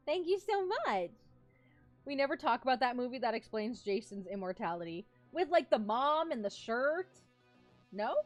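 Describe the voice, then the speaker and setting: Casting note: high-pitched young woman, giggly vtuber storyteller, faint music under her. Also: unhurried, long pauses. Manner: giggly, animated, rambling storyteller. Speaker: vtuber streamer. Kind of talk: casual chat with live chat, telling a story.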